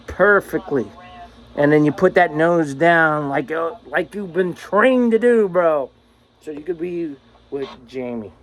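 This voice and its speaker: A man's voice: a little high, poor audio. A man recording a casual, rambling video message to a friend, swearing freely and laughing often. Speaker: vlogger.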